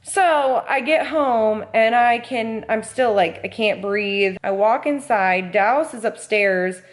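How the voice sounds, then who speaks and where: A woman's voice: on the high side, slow. A young woman vlogging casually, telling a story with lots of "like" and acting out the voices of the people in it. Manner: animated, acts out quoted voices, frequent "like".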